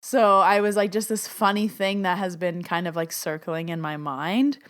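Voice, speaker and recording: A woman who hosts her own podcast as a psychic medium tells personal stories in a chatty monologue, steady in tone and moderate in pace. She says "like" a lot and acts out quotes with big pitch jumps.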